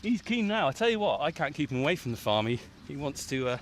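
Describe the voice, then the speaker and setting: A man's voice: fairly high pitch, very animated, quick pace, a little hiss or hum. A man, chatting casually in a field as he digs and works, often laughing. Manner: chatty, laughs often, puffing while digging. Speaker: farmer on a radio feature. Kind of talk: casual outdoor chat while working. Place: outdoors in a farm field.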